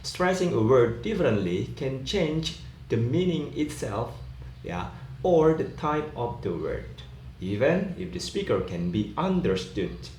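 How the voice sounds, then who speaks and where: A man teaching English word stress in a slow, explanatory lecture, often adding "yeah". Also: mid-range voice, very animated, a little mellow. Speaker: pronunciation teacher. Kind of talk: recorded lecture. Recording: echoey room, faint ambient noise.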